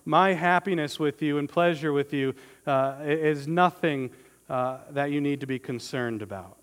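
A man preaching a sermon as pastor, earnest and emphatic, slowing down on key words and often restarting his phrases. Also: a little high, clear, resonant tone, big-room sound.

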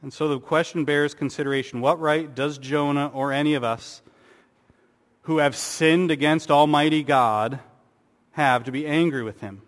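A man's voice: a little high, fairly even intonation, normal speed. A man preaching a sermon, earnest, with rhetorical questions and sarcastic asides. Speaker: pastor. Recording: long hall reverb.

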